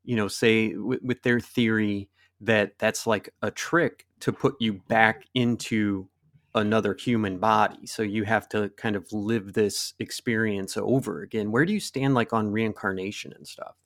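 A man hosting an interview, listening calmly and asking casual questions. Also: on the low side, measured pace, dry recording, studio quality. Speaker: host.

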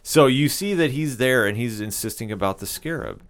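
A man co-hosting a podcast, explaining a TV episode in a measured, casual way. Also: mid-range voice, expressive. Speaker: podcast co-host. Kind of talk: casual TV recap discussion.

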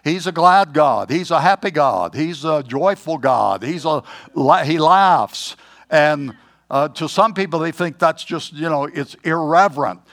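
An older man preaching a sermon in a folksy, joking way, often clearing his throat. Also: a little high, animated, measured pace, a bit bright.

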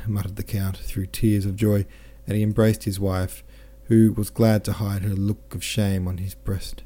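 A man's voice: lowish voice, steady tone, measured pace, hardly any pauses, warm tone, husky. A man narrating a classic novel aloud, reading the dialogue with mild shifts in tone for each character. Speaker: audiobook narrator.

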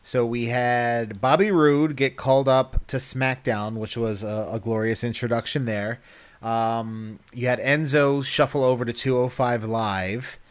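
A man on a casual podcast, rambling and filling pauses with ums and uhs. His voice sits at an ordinary middle pitch. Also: fairly even intonation, clear, resonant tone. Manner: rambling, with many fillers. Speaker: podcast co-host. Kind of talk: casual chat.

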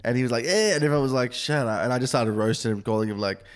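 A young comedian speaks at a middle pitch and swears freely. He tells stories bluntly and with plenty of animation, slipping into quick voices for the people in them. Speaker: comedian guest. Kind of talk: casual podcast chat, storytelling.

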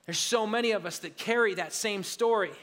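A man's voice: high voice, a little fast, a bit bright. A male pastor preaching a sermon in an earnest, confessional way, often restarting and repeating his words. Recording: hall reverb.

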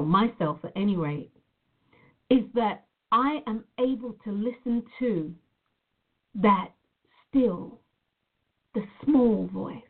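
A woman from Nevada speaking earnestly and reflectively to her viewers, often repeating her phrases. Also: a little high. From Nevada, USA. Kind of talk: personal monologue to viewers. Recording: phone-like narrow sound.

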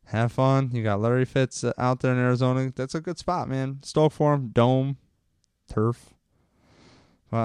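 A man rants casually into a close microphone, rambling and then getting fired up and cursing. His voice is smooth and clear, and the recording sounds dry and close with no room echo. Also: medium pitch. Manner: rambling, gets fired up and swears. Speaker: podcast host. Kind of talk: casual sports rant.

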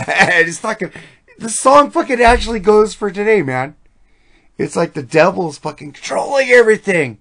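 A man's voice: high-pitched, sing-song, moderate pace, gravelly, fairly bright tone. A man hosting a podcast, talking about songs in a casual, profane and enthusiastic way that rambles. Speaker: podcast host. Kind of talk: casual music chat.

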